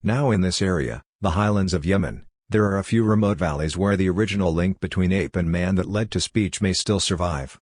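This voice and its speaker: Low-voiced guy reading as a young doctor, brisk and clinical, explaining stuff matter-of-fact, dry close sound. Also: darkish tone, no room sound. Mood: lecturing.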